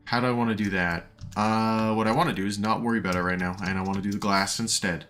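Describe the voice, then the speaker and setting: A man's voice: lowish voice, fairly even intonation, fast talker, few pauses, fairly bright tone, faint music behind. A man streaming a game, rambling as he builds and reads chat aloud, his voice tired and sore after hours of talking. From United States. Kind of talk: casual live-stream chat while playing.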